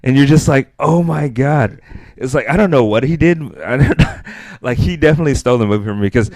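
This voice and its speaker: A man co-hosts a podcast, chatting casually about movies in a loose, rambling way full of fillers and restarts. His medium-pitched voice has a darkish tone and lively intonation, and he talks rapid-fire with no room sound.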